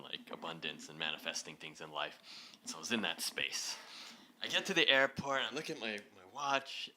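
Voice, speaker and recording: A man giving an inspirational talk to a live audience, telling a story in a lively way and laughing often. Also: low-pitched, a little hiss or hum. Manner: animated, laughing as he acts out the story. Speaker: speaker leading a heart talk. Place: event hall.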